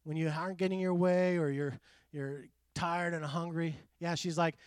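A middle-aged man preaching a conversational sermon, animated and full of quoted asides. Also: fairly high pitch, normal speed, smooth, no echo, studio quality. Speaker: pastor.

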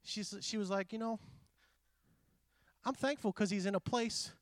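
A middle-aged man preaching a conversational sermon, animated and full of quoted asides. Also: high voice, normal speed, no room sound, clean studio sound. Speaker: pastor.

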